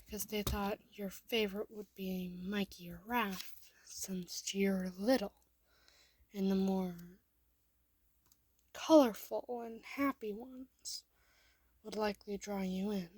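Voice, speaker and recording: A woman's voice: mid-range voice, steady tone, slow, pauses often, a little mellow, slightly rough, no echo. A woman reading a second-person fan story aloud, often in a half-whisper.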